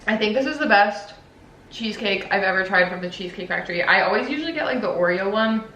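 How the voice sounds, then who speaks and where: A woman's voice: medium pitch, animated, fast talker, fairly bright tone. A young woman YouTuber chatting casually while she eats on camera for a mukbang, swearing now and then. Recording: roomy echo, faint background noise.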